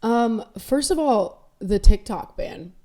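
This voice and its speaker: A woman's voice: fairly high pitch, expressive, takes it slowly, mellow. A young woman hosting a casual solo podcast, rambling candidly between topics with self-deprecating jokes. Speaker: podcast host.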